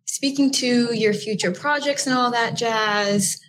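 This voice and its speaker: A woman's voice: on the high side, a little slow, a bit bright, poor audio. Woman, book group host, conversational, faint background noise. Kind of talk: interview questions.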